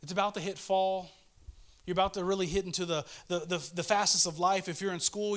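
A man's voice: sits high, fairly even intonation, a little fast. Earnest pleading male preacher. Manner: earnest, pleading, swings between fervent and hushed. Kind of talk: casual devotional sermon.

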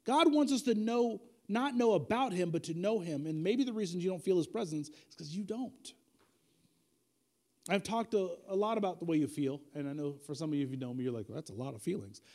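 High, lively preaching man. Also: brisk. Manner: dynamic preaching, repeats key lines for emphasis; folksy, conversational asides. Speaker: pastor. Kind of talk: sermon.

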